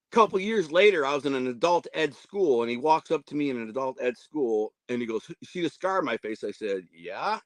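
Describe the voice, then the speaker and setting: Here a man around fifty talks at a medium pitch, with no room sound in the recording. As the guest in a relaxed interview, he spins long, wandering stories and performs the quoted voices of their characters.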